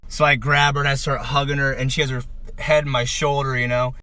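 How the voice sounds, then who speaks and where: Bright-voiced man telling a comic story. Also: mid-range voice, quick pace. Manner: animated, shouts out quoted lines. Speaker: comedian. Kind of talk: comedic storytelling.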